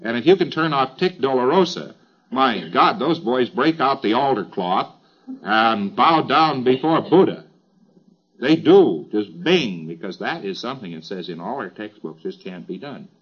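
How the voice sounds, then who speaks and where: A man's voice: medium pitch, lively intonation, unhurried, husky, dull audio. A man giving an informal lecture in a wry, chatty way, with emphatic asides.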